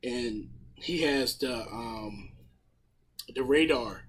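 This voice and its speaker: A man in casual podcast chat, retelling a story in a profane, animated way with a husky voice. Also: mid-range voice, very slow. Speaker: podcast panelist.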